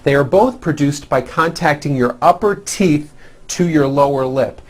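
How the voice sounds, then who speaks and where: A man teaching English pronunciation in a scripted lesson, demonstrating sounds slowly and with exaggeration. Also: on the high side.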